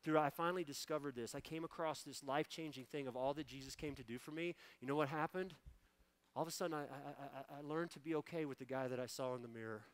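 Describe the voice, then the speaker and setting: A man's voice: medium pitch, fast. A man in his forties, a pastor preaching a sermon and then praying, speaking with fervent emotion and repeating key phrases for emphasis. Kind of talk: sermon ending in prayer. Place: church sanctuary.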